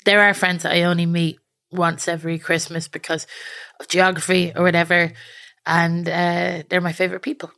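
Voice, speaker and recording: An Irish woman speaks in a low, gravelly voice in a casual recorded message. She is chatty and self-mocking, with dry sarcasm, and the recording sounds dry and close. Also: flat delivery, moderate pace, a bit bright, no room sound. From Ireland. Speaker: guest.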